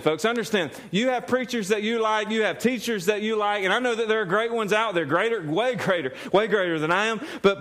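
Brief: male pastor, high voice, lively sermon delivery with repeated words and laughs.

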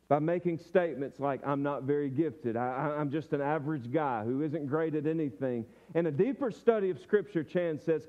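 A man's voice: high-pitched, a little mellow, highs cut off. A man preaching a sermon from the pulpit, earnest, repeating phrases and restarting his sentences. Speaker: pastor.

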